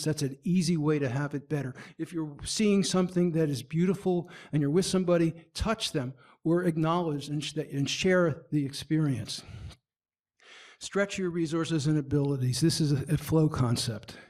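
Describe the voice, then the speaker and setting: A man presenting at a marketing meetup. He speaks in a lively, demonstrative way, acting out facial expressions and often stumbling and restarting his sentences. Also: on the high side, moderate pace. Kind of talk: presentation talk.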